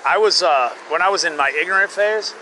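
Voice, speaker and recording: A rowdy man rambles and swears in a casual chat outdoors, recorded on a busy street. His voice is bright and forceful and sits a little high. Faint street noise runs behind him. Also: fairly quick. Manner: loud, rambling, crude and effusive. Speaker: guest on a street podcast.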